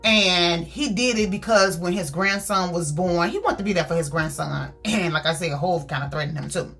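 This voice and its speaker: A woman recaps a novel for her followers in a loose, gossipy way, full of slang and little asides. She animates the plot by briefly voicing the characters. Soft music plays faintly behind her. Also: on the low side, moderate pace, husky. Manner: chatty and slangy, calls listeners "girl" and "baby"; animated, acts out characters' lines. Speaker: book reviewer. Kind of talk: casual book review retelling a plot.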